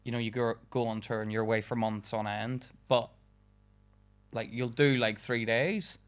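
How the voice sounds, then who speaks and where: A man's voice: medium pitch, steady tone, normal speed. Chatty young man, a laughing comedian guest. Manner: chatty, swears, laughs often, many fillers. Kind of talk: casual podcast chat.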